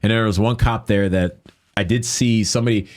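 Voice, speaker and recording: Deep-voiced man telling a story. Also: fairly quick, no room sound, studio quality. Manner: animated, acts out quoted lines in a higher voice; jokey, conversational with many fillers. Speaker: podcast guest. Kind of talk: casual storytelling interview.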